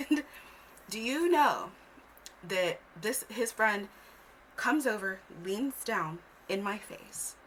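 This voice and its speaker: A woman telling a childhood story to camera in a casual vlog, animated and swearing freely, sometimes dropping to a whisper. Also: medium pitch, very slow, a little hiss or hum.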